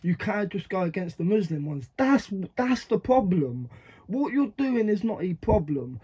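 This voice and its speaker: A man's voice: sits high, big pitch swings, a little slow, warm tone, slightly rough. A man giving blunt, slangy reaction commentary, swearing often and laughing between remarks. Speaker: reaction video host. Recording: dull lo-fi sound.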